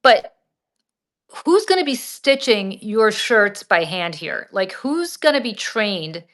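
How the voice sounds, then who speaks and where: A woman's voice: mid-range voice, very animated, takes it slowly, fairly bright tone. A woman hosting a casual political chat over a video call, emphatic and exasperated. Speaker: host.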